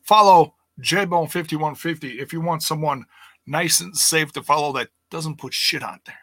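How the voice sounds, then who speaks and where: A man hosting his own podcast, talking in a loose, ranting way and swearing freely. His voice sits a little high and sounds bright and forceful. The sound is dry and close, with no room around it. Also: moderate pace, no echo. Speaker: podcast host. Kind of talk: casual solo podcast rant.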